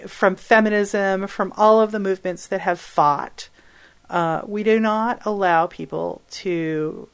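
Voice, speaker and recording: On her advice podcast, a woman with a lowish voice responds to a listener's question with animated emphasis, laughing and correcting herself as she goes.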